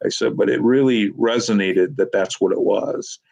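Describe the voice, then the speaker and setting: A man's voice: lowish voice, normal speed, gravelly, darkish tone, dull audio. A man being interviewed as a Bigfoot investigator, telling long rambling anecdotes and quoting people with "she goes.". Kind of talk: casual storytelling interview.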